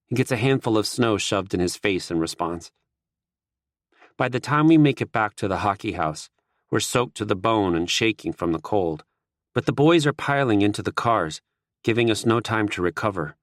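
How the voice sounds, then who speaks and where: A man reads a first-person audiobook in a steady, wry way. His voice sits on the low side. The sound is dry and close, with no room around it. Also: moderate pace, no echo. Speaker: audiobook narrator.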